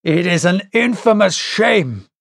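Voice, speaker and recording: A man reading an audiobook, voicing a hot-tempered harpooner who speaks indignantly, with a gravelly voice and a changed timbre. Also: fairly high pitch, slow, no room sound, clean studio sound. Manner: indignant, blustering. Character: angry hot-tempered male harpooner, adult.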